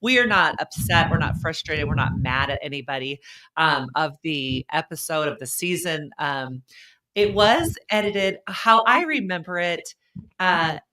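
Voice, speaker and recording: A woman hosting a live online chat, telling stories in a chatty, animated way with quick asides. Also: sits low. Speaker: vlog host and former race contestant.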